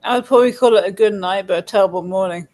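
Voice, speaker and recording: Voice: medium pitch, racing, darkish tone, dry recording. A friend on a call giving short, dry-humored replies in a casual chat.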